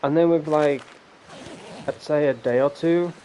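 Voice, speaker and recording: A man's voice: a little high, fairly even intonation, a little slow, warm tone, slight background noise. Rambling man ranting over gameplay. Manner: rambling, ranting, swears freely. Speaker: gaming channel host. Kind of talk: casual gameplay commentary.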